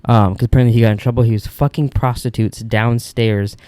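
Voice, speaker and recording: A man's voice: medium pitch, fairly even intonation, fairly quick, dark tone, clear, resonant tone, dry recording. A young man hosting a podcast, telling stories in a casual, rambling, candid way from an upstairs room at home. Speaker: podcast host. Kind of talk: casual solo monologue.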